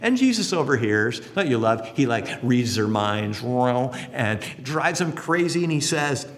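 Animated male preacher in a reverberant hall. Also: mid-range voice, unhurried, few pauses. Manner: animated storytelling, acting out voices in quotes. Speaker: pastor. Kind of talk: sermon.

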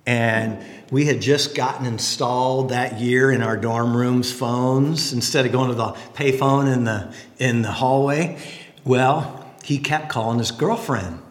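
A man's voice: medium pitch, a little slow. A middle-aged man preaching a sermon, telling stories with jokey asides. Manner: animated storyteller, jokey asides. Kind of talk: sermon with storytelling. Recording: echoey hall.

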